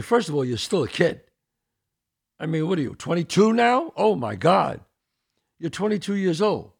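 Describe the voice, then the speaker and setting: A middle-aged man hosting a podcast, answering listener questions and telling lively neighborhood stories. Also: on the high side, gravelly, breathy edge. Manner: animated, acts out quoted voices in a story. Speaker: podcast host.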